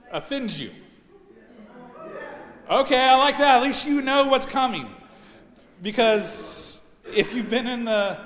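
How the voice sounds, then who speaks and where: High-voiced pastor preaching in echoey hall. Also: male voice. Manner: animated storytelling, rising to loud emphasis. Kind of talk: sermon. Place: church sanctuary.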